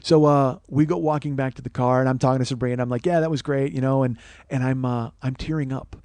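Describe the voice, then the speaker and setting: A man hosting a podcast, telling a comic personal story in a profane, animated, self-mocking way. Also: medium pitch, quick pace, dry recording. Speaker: podcast host. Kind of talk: comedic storytelling monologue.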